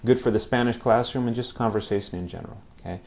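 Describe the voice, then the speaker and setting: A man's voice: lowish voice, fast, creaky. A man teaching a casual video lesson on Spanish phrases, patiently repeating each phrase and checking in with "okay?".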